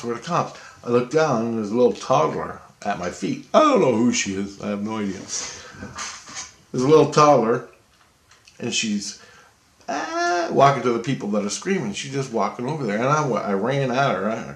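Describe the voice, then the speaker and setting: A man's voice: medium pitch, roomy sound. A man casually telling a dream story, rambling and conversational.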